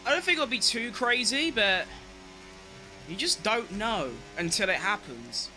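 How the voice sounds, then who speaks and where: A young man giving excitable live commentary on his racing game, talking to himself and swearing at rivals and his car. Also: sits high, measured pace, faint music behind. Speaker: game streamer.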